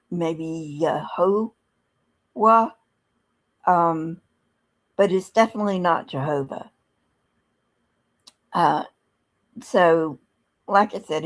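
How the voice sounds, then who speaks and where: A woman hosting a podcast, reading scripture aloud and commenting bluntly, with many ums and pauses. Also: lowish voice. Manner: slow, halting, many ums, blunt and sardonic. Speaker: podcast host. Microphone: streaming setup mic.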